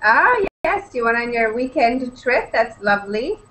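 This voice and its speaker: Her fairly high, very animated voice sounds bright and forceful at a measured pace, captured in a low-quality recording. This young online English conversation teacher from British Columbia, Canada, greets each student warmly in turn during an upbeat class.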